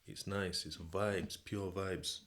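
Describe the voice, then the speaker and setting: Deep-voiced British man telling a story. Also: fairly even intonation, takes it slowly, fairly bright tone. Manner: slang-heavy, conversational, repeats "do you know what I mean". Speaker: podcast host. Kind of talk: casual second-person storytelling.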